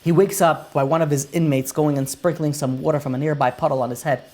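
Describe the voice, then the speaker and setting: A man's voice: fairly high pitch, quick pace. A man, a rabbi, telling a dramatic story in a lesson, acting out the characters' lines as he goes. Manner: animated retelling that acts out the characters' lines.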